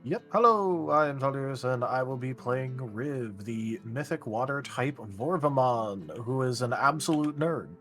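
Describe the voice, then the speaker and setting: A man's voice: mid-range voice, animated, a little slow, few pauses, fairly bright tone, faint music behind. A man, a player on a tabletop stream, introducing his character with teasing, casual banter.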